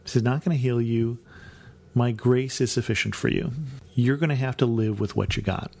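A man's voice: mid-range voice, steady tone, moderate pace, vocal fry, a little mellow. A man teaching from the Bible on a podcast, reading passages aloud and then explaining them with dry humor.

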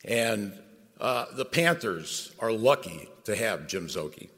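A man's voice: lowish voice, expressive, slow, a bit bright, big-room sound. A man emceeing a ceremony, introducing the next speaker plainly, with small slips.

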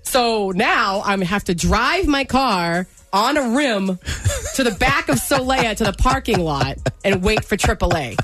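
Female co-host, animated storyteller, heavy on "like". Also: mid-range voice, measured pace. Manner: animated, rambling, many "like" fillers. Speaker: radio co-host. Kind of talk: casual storytelling chat.

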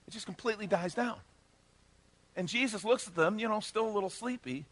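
A middle-aged male pastor preaching a sermon, telling the story with animated, joking delivery and acting out the characters' lines. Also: high-pitched, brisk. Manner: animated storytelling, acts out voices, jokes with the congregation.

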